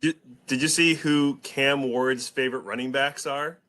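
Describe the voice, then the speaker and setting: A man hosting a casual sports podcast, excitable and hype-building, rambling a little as he talks. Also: medium pitch, moderate pace. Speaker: podcast host.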